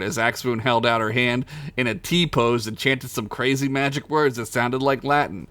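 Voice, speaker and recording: A man's voice: mid-range voice, fairly even intonation, normal speed, a bit bright, no echo. A man reading his own crude comic story aloud for a podcast, giggling at his jokes and tripping over made-up names. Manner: stumbles over invented names.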